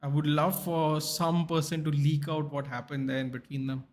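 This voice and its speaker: Male watchalong host, a bit high-pitched, casual and rambling, tired and yawning. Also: little pitch movement, moderate pace, a little mellow. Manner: casual, rambling, answers viewer questions. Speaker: sports channel host. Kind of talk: live match watchalong commentary and chat replies.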